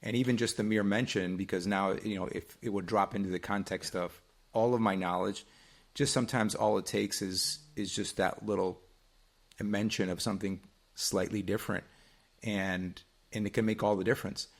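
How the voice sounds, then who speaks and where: Deep-voiced man musing in casual chat. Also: steady tone, normal speed. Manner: reflective, rambling with restarts. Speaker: podcast co-host.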